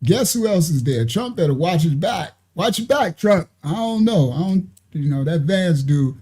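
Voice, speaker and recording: A woman's voice: fairly low pitch, expressive, moderate pace, dark tone, husky. A woman hosting a live reaction stream at her computer, chatty and mocking, laughing often and using plenty of slang. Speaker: livestream host. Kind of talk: reaction commentary livestream. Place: at a computer, sharing her screen.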